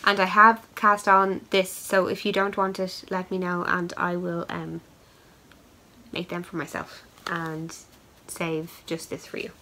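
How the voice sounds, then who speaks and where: A woman's voice: lowish voice, monotone, unhurried, sharp tone, slight background noise, low-quality recording. Chatty woman knitting podcaster. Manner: chatty, rambling, self-deprecating with fillers. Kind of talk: casual chat showing yarn.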